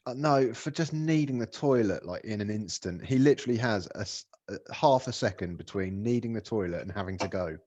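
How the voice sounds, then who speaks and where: A man's voice: fairly low pitch, lively intonation, fairly quick, hardly any pauses, darkish tone, no room sound. A man in his thirties co-hosting a casual podcast over a video call, swearing freely and acting out exchanges with his kids. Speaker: podcast co-host. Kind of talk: casual chat. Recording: dull, dry video call audio.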